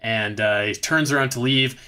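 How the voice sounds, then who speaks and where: A man's voice: mid-range voice, moderate pace, pushed and bright, smooth. A man co-hosting a podcast, recapping a bad movie in rambling, profane, sarcastic casual chat.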